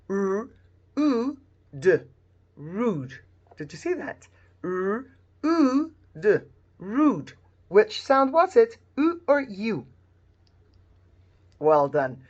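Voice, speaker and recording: A woman's voice: mid-range voice, dull audio. A woman teaching a phonics lesson to young children, modelling sounds in a sing-song, exaggerated way. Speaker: primary school teacher.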